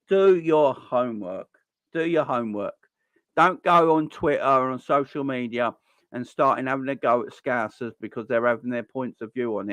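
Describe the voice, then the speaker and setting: Guy ranting about football stuff, keeps repeating himself, mid-pitch voice, dry close sound. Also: no room sound. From London. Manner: heated, repetitive, stammering restarts, rising to near-shouts. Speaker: football channel host. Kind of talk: passionate ranting monologue.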